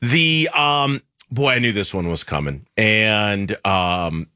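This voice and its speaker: A man's voice: slow, no echo, studio quality. A man hosting a sports radio show, bantering casually and running a caller contest with frequent laughs and playful swings in his voice. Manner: animated, laughs often, swings pitch up for emphasis.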